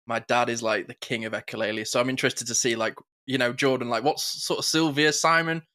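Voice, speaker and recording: A man co-hosting a podcast in casual chat, an animated storyteller who slips into quick impressions. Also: medium pitch. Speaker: podcast co-host.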